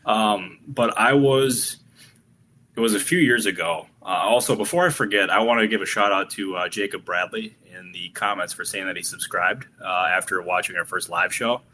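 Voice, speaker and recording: A man's voice: sits low, moderate pace, pushed and bright, a little hiss or hum. A man co-hosting a live baseball podcast, talking in a wry, teasing way. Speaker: podcast co-host and baseball reporter. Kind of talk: casual live podcast chat.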